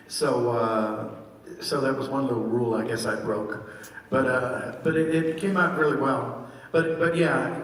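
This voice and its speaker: Older man, animated, in an echoey hall. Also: mid-range voice. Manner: animated, laughing, jumps into quick character voices. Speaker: voice actor guest at a convention panel. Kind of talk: casual storytelling and Q&A. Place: large convention hall. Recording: echoey hall heard from far off.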